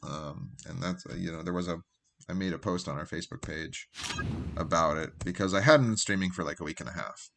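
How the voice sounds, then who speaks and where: A working adult man casually commentates his own card game on a live stream, thinking aloud loosely with fillers and trailing asides. His deep, creaky voice is fairly quick with a fairly bright tone, and there's slight background noise.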